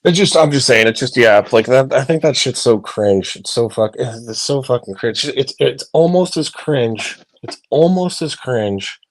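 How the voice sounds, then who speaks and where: A man's voice: medium pitch, animated, a little slow, hardly any pauses. A man chatting casually on a phone from bed, rambling with lots of fillers, swearing and laughing. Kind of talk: casual online chat.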